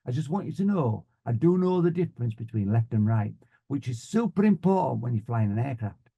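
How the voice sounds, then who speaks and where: Brief: Yorkshire man, motivational speaker, deadpan self-mocking humour, mellow voice. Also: medium pitch, brisk, creaky, breathy edge. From Yorkshire, England. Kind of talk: humorous motivational talk.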